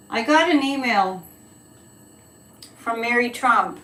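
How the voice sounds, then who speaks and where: A woman's voice: on the high side, takes it slowly, a bit bright, distant mic. A woman hosting a casual live stream, chatty and opinionated, rambling as she answers viewer comments. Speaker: psychic livestream host. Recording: echoey room, voice a bit off-mic.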